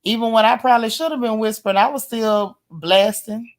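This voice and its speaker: A hoarse woman hosting a casual livestream, chatting warmly and reading viewer comments aloud. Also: a little high, fairly quick. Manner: affectionate, teasing. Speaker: livestream host. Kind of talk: casual live-stream chat.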